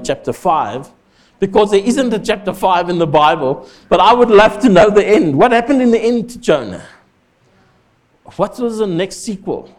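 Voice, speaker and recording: Brief: high-voiced pastor, emphatic and conversational sermon delivery. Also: male voice, a little mellow. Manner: emphatic, rises to stress points, conversational asides.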